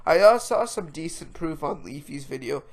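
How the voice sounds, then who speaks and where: This podcast host's voice sits on the high side and sounds stuffed-up. Speaking at normal speed and animatedly, he gives casual ranting commentary, rambling in exasperation about online drama.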